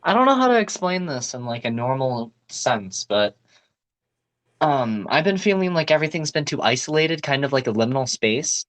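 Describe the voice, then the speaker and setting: Animated teenage guy telling stories. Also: medium pitch, moderate pace. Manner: animated storyteller, swears freely. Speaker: podcast co-host. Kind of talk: casual chat.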